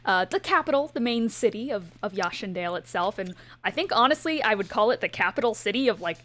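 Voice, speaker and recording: A woman's voice: medium pitch, lively intonation, fast, a bit bright. Chatty woman running a tabletop game. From Canada. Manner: chatty, laughs often between lines. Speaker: game master. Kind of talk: narrating a tabletop game recap.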